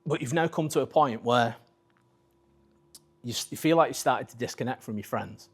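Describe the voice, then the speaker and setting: Brief: husky man, mid-pitched, blunt coach on stage, swears freely. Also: moderate pace. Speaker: coach giving a talk. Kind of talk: live presentation to an audience. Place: talk venue with a screen.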